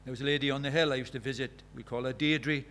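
A man's voice: medium pitch, fairly even intonation, quick pace, a bit bright. A man preaching a sermon, earnest and questioning, retelling conversations as dialogue.

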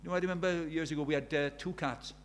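A man's voice: a little high, fairly even intonation, fast talker, a little hiss or hum. A man preaching a sermon, telling stories in a conversational way and building to urgent emphasis.

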